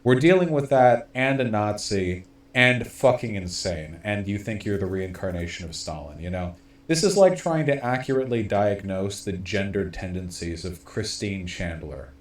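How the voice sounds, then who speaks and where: A man's voice: fairly low pitch, echoey room. A man streaming political commentary, rambling and sardonic, with many fillers and restarts.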